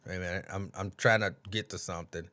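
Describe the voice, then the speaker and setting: Animated man hosting a livestream. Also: deep voice, fast. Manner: animated, laughing, repeats lines, mimics others. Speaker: host. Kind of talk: casual late-night livestream commentary.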